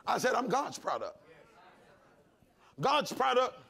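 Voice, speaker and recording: A male pastor preaching a sermon, shouting and calling on the congregation to answer back. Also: extremely high pitch, huge pitch swings, takes it slowly, creaky, breathy edge. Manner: preaching with shouts and call-and-response.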